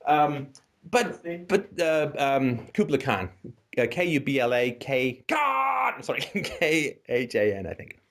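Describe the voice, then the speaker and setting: This man has a high, gravelly voice and hosts a call-in talk show. He delivers a casual, animated rant packed with rhetorical questions, repeatedly asking "right?"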